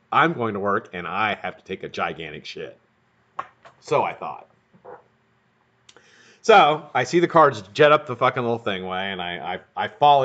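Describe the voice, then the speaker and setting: A man's voice: medium pitch, sharp tone. A man hosting a live stream, telling a rambling, profane story in a casual way. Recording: dull lo-fi stream audio.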